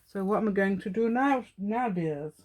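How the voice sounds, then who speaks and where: A woman's voice: mid-range voice, expressive, normal speed, darkish tone. A woman hosting a crafting tutorial, chatting as she works, rambling and laughing often. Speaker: craft channel host.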